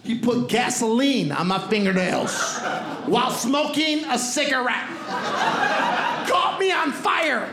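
High, animated Brooklyn comic on stage. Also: male voice, slow pace. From Brooklyn, New York. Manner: streetwise, punchy, shouting into put-on voices. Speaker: stand-up comedian. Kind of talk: stand-up comedy set. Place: comedy club stage. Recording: roomy live club recording with noise.

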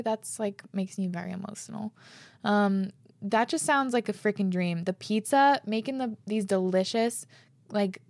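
A woman's voice: mid-range voice, vocal fry, no echo. A woman hosting a podcast, reading listener letters aloud and reacting in a gushing, effusive way. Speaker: podcast host.

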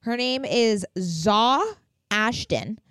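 A woman's voice: a little high, lively intonation, drawn-out words, fairly bright tone, clean tone, no room sound, studio quality. A young woman co-hosting a podcast in casual chat, chatty and teasing with frequent giggles. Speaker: podcast co-host.

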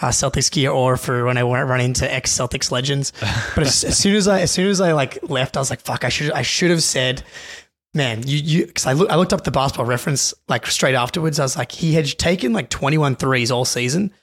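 A young man, a podcast co-host, telling a story in an animated, excitable way with many restarts. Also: medium pitch, brisk. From Australia. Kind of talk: casual storytelling.

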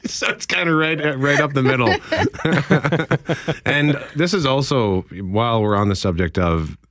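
A man's voice: mid-range voice, animated, slow pace, pauses often, fairly bright tone, no room sound, studio quality. A man hosting a morning radio show, chatting casually with frequent fillers, restarts and laughs. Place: radio studio. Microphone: studio microphone.

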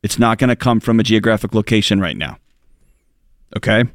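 A man's voice: fairly low pitch, animated, fairly quick, no echo. A man co-hosts a studio advice show. He speaks earnestly and hammers home his points, then slips into joking banter. His voice sits close and dry on the mic, with no room sound. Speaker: radio show co-host. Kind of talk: advice talk show chat.

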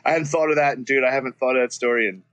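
A man's voice: medium pitch, fairly even intonation, very fast, a bit bright. A man from Florida telling a childhood story as a guest, rambling and swearing, with many restarts. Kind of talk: casual storytelling.

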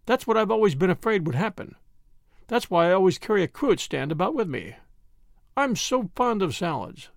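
A man reading the part of a mild, gently odd priest who turns quietly grave. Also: high-pitched, very animated, moderate pace, creaky, no room sound, clean studio sound, full character voice. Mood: mild whimsical. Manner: vague, then quietly grave.

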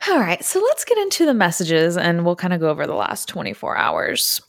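A woman casually telling a story to her viewers, chatty and laughing often, with sudden jumps in pitch. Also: no room sound, clean studio sound. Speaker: adult content creator vlogger.

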